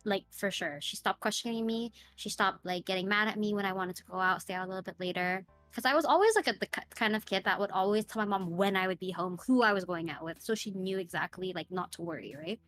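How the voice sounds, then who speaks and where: A young woman chats through a long personal story as an interview guest, with "like" and "right?" all through her talk. Her voice sits at a middle pitch for a woman, and she slips into the voices of the people she quotes. Faint music plays under her. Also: fast talker, few pauses, a bit bright. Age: young adult. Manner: chatty, fills speech with "like" and "right?"; acts out her own and her mother's lines. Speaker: podcast guest, streamer.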